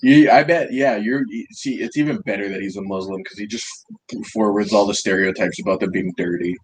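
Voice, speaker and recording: Low-voiced man roasting a friend. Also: slight background noise. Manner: profane, teasing, quick roasting jokes. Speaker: podcast co-host. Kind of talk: casual crude banter.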